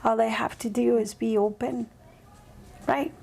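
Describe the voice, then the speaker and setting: A woman's voice: fairly high pitch, steady tone, measured pace, gravelly, a little mellow, slightly rough. A woman guest on a podcast telling a personal story in a reflective, rambling way, often checking in with "right?". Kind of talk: casual interview storytelling.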